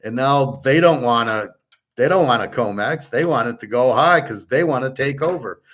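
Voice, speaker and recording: A middle-aged man rants bluntly and profanely through a rambling monologue. He lectures his listeners as his students. His voice sits at an ordinary middle pitch. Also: lively intonation, moderate pace, fairly bright tone, a little hiss or hum. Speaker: host.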